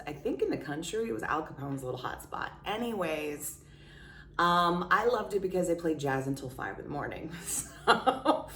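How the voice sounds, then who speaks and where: A woman's voice: sits low, a bit bright, a little hiss or hum. A woman vlogger telling a personal story in a candid, chatty, self-mocking way. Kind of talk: casual confessional storytelling. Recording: roomy sound, distant from mic.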